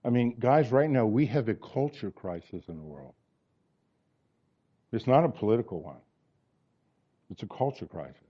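A man's voice: medium pitch, animated, moderate pace, long pauses, breathy edge, muffled recording. A man in his sixties preaching a sermon, telling personal stories and acting out the dialogue in them with earnest conviction. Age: 60s.

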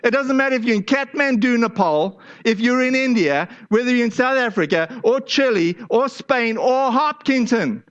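A man's voice: extremely high pitch, lively intonation, normal speed, few pauses, fairly bright tone, highs cut off. A male pastor preaching a sermon in a conversational way, with frequent fillers and restarts.

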